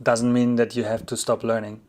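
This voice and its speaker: A man with a German accent, a non-native English speaker, hosting a relaxed livestream and answering viewers' questions, chuckling often and rephrasing as he goes. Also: mid-range voice, moderate pace. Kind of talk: casual livestream chat.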